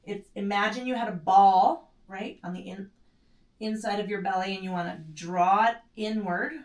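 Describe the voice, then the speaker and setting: A woman's voice: medium pitch, steady tone, moderate pace, darkish tone, recorded from a distance. A woman teaching a mat pilates class in a casual, self-correcting way, breathing in short strained breaths as she does the moves herself. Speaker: pilates instructor. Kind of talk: guided exercise instruction. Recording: echoey room, set back from the mic.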